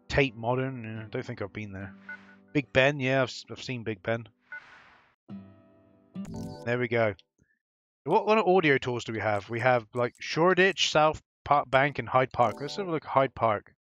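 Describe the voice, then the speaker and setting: A man's voice: medium pitch, animated, a little slow, long pauses, a bit bright, muffled recording, soft background music. A man giving rambling, casual commentary over a game, swearing now and then. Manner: rambling, swearing, chatty asides. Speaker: gameplay commentator.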